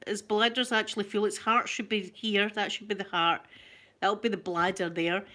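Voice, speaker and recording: A middle-aged Scottish woman hosting a casual livestream chat, excitedly gushing and greeting viewers by name. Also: medium pitch, normal speed. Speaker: ASMR livestream host.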